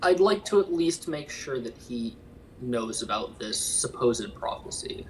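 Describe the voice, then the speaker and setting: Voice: medium pitch, lively intonation, measured pace, reverberant, slight background noise, low-quality recording. A player in a tabletop role-playing game talking in character, hesitant and full of fillers. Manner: hesitant, with lots of uhs. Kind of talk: casual in-character tabletop play.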